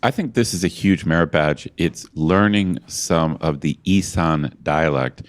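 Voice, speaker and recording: Man, very low voice, podcast co-host, rambling casual chat, self-deprecating. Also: measured pace.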